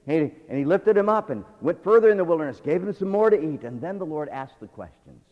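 A man's voice: on the high side, lively intonation, fast, dull audio. Male pastor, dramatic sermon, dynamic swings, church hall reverb. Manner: dramatic swings from hushed to loud.

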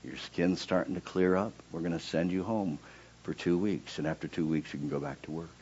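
A man voicing a female doctor giving serious news, speaking flat and slow. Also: sits low, dull audio, slight background noise, lightly acted. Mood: stern. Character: female hospital doctor, stern and matter-of-fact.

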